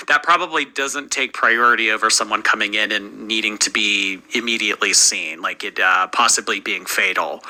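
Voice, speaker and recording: A man's voice: medium pitch, pushed and bright, rough recording. A man hosting reaction commentary, wryly skeptical as he picks a story apart. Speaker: commentary host.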